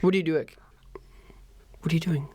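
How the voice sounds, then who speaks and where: A man's voice: a little high, steady tone, brisk, a little mellow, breathy edge. A man hosting a podcast, chatting casually and playfully teasing his daughter. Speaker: podcast host.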